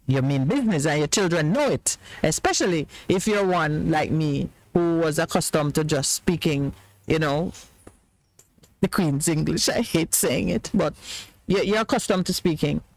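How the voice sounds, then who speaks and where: A man's voice: a little high, expressive, a little slow, vocal fry, no room sound, low-quality recording. A Jamaican man hosting a radio talk show, chatting casually and laughing often.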